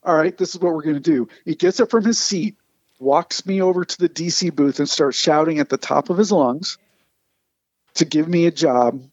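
A man, a comic artist, telling animated anecdotes in casual conversation and acting out the people he quotes. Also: fairly high pitch, moderate pace, dry recording, lo-fi sound. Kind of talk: casual storytelling.

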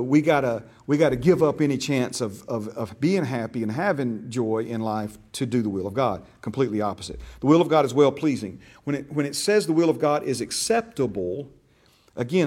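A man's voice: mid-range voice, a little fast, darkish tone, slightly rough. Folksy man teaching a church class. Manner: checks in often with "right?" and "okay?"; folksy, with frequent restarts and repeated words.

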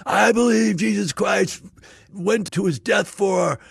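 A man's voice: low-pitched, normal speed, creaky, darkish tone, slightly rough, dry recording, clean studio sound, heavily acted. A man voicing a stubborn, devout man who insists on his faith and refuses rescue. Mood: shouting. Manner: fervent, insistent preaching.

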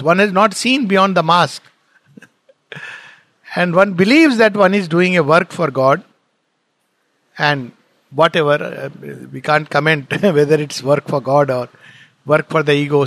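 A man giving a reflective spoken commentary on a poem, quoting others with sudden lively bursts and chuckling often. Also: high voice, no room sound. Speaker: spiritual teacher.

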